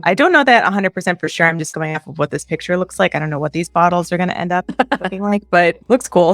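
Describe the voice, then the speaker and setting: Chatty Chicago woman host, low voice. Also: fairly bright tone, dry recording. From Chicago, US Midwest. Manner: chatty, self-deprecating, laughs often. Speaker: crypto video host. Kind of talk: casual explainer chat.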